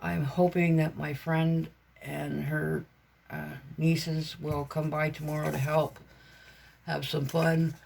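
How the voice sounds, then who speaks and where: A woman's voice: low voice, little pitch movement, slow, creaky, darkish tone, a little hiss or hum. A woman vlogger chatting casually about her crafts, meandering and chatty with many fillers and self-corrections. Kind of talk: casual rambling vlog chat.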